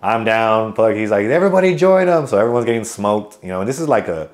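A man in his thirties with a very deep voice tells stories as an interview guest. He is an outgoing joker who talks loosely and rambles, circling back with fillers and restarts. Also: steady tone, fast. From California. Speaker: army veteran guest. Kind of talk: casual interview storytelling.

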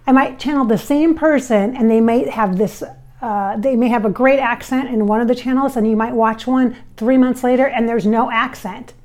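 A woman's voice: fairly high pitch, fairly even intonation, normal speed, darkish tone. A woman from the American Midwest who channels spirits, talking casually to camera on a microphone about viewer comments, chatty and reassuring with fillers and restarts. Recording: recorded on a microphone.

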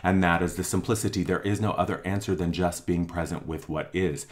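A man's voice: low voice, steady tone, fairly quick, hardly any pauses. A man giving a spiritual monthly forecast talk, earnest and emphatic, repeating phrases for effect. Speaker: spiritual teacher.

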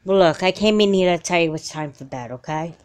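A woman voicing a patient, caring mother who speaks in a soft, coaxing way in an amateur doll film. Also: on the low side, fairly quick, smooth, lightly acted. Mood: soothing. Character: gentle, patient mother, caring but firm.

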